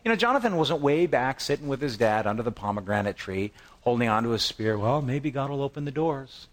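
A man's voice: mid-range voice, lively intonation, fairly quick. A man preaching a sermon in a conversational style, telling the story with animation and putting on the voices of the people in it. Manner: conversational, repeats words when restarting. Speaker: pastor.

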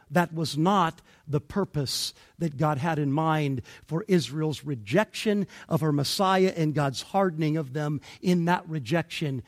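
A man preaching an expository sermon, deliberate and emphatic, pausing between phrases. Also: a little high. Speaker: pastor.

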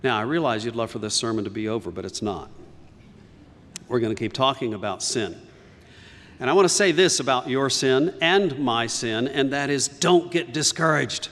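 A man's voice: medium pitch, moderate pace, fairly bright tone, big-room sound. A man preaching a sermon as pastor, earnest and emphatic, rising on key lines.

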